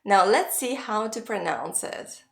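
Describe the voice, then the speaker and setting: A woman teaching pronunciation, explaining each sound slowly and carefully. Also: medium pitch, animated, fairly bright tone. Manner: slow, careful, clearly spelling out sounds. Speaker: Russian language teacher. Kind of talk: pronunciation lesson.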